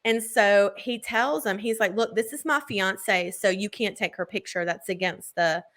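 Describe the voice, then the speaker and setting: A woman's voice: mid-range voice, moderate pace, fairly bright tone. A woman in casual chat, gushing as she retells a book's plot with lots of filler words. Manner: gushing book recap full of "like" fillers.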